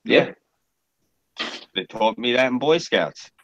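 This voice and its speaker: A man's voice: medium pitch, lively intonation, slow pace, highs cut off, slight background noise. A man in casual podcast chat, telling stories in a blunt, profane way.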